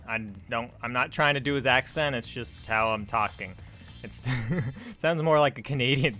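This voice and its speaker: In relaxed let's-play commentary, a young gameplay streamer chats about his game and is easily sidetracked. His voice is medium in pitch with a sharp tone, at normal speed.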